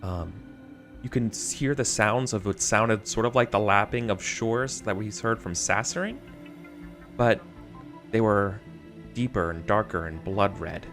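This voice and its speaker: A man narrating a tabletop game as game master, halting with many fillers. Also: on the low side, fairly bright tone, faint music behind.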